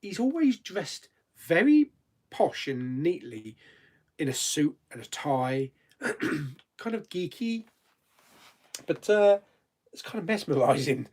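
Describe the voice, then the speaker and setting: Lively, husky-voiced man chatting. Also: fairly high pitch, slow pace, long pauses. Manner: chatty, laughs often, reads viewer comments aloud. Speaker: host of a live chat stream. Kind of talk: casual chat answering viewer questions.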